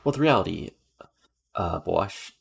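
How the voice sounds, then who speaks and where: A man's voice: deep voice, lively intonation, moderate pace, creaky, husky. A man giving casual, rambling commentary on a game he is playing, with lots of fillers. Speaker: let's play commentator.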